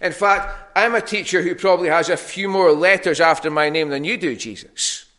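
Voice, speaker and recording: A smug, pompous male scholar of religious law talks down to his listener, his voice bright and lifted a little higher than normal, as a preacher puts him on in the middle of a sermon. He is boastful and condescending. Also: moderate pace, close to an everyday voice.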